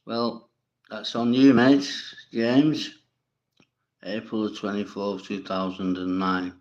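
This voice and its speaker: Blunt, slow-talking, low-voiced man. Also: flat delivery, a little mellow, muffled recording. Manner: blunt, swearing, rambling, talks back to viewers. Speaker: livestream host. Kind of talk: casual livestream chat reading comments.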